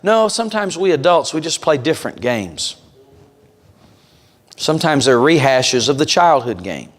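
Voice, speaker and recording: A man's voice: a little high, very animated, moderate pace. A man preaching a revival sermon in a church. He speaks to the congregation directly and tells stories with emphasis. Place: church sanctuary. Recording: long church reverb.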